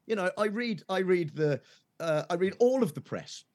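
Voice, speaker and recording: A male podcast guest with a somewhat raised pitch. He talks in an animated, ranting way. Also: normal speed. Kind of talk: casual chat.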